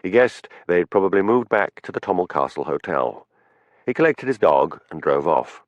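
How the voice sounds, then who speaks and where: A man narrating an audiobook with an expressive reading style. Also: low voice, moderate pace, dry recording, muffled recording. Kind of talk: scripted narration.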